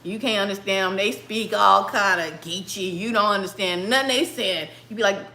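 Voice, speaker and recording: A woman hosting a livestream, casually retelling a Bible story with animated laughter and bursts of song, recorded in an echoey room. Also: medium pitch, moderate pace. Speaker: livestream host.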